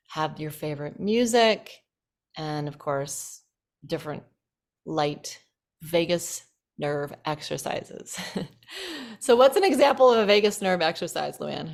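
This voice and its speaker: A woman hosting a casual health chat, explaining tips in a steady instructive way. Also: sits low, creaky. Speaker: host.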